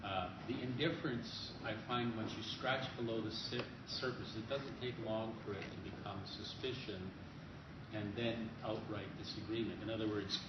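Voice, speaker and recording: A man's voice: fairly low pitch, steady tone, moderate pace. A man in the audience making a thoughtful comment from the floor. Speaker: audience member. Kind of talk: question from the floor. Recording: distant roomy lo-fi audience recording, audible hiss.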